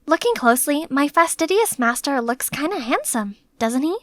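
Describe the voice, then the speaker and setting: A young woman narrating an animated story in the first person, in a lively, chatty way. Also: high voice, moderate pace.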